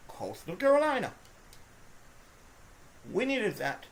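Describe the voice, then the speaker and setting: A woman commentating her own video game play, swinging between frustrated groans and shouted cheers, talking to the players and to her viewers. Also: medium pitch, sing-song, unhurried, pauses often. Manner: talks to the players and to viewers as folks. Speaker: gaming video host. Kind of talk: live gameplay commentary.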